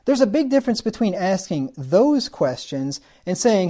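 A man's voice: sits high, expressive, normal speed, warm tone. A man preaching a sermon, asking rhetorical questions and acting out the words of the people he describes.

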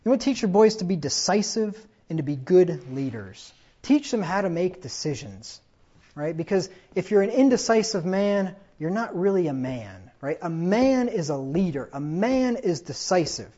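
The recording is muffled, but the man's high, sing-song voice comes through with a dark tone at normal speed. He preaches in a conversational style, regularly asking "right?" and quoting the dialogue of the stories he tells.

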